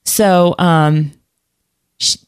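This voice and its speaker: A woman's voice: lowish voice, steady tone, drawn-out words, clear, resonant tone. A woman telling a personal story in casual conversation, rambling with fillers and restarts. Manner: rambling, many restarts and fillers, laughs often.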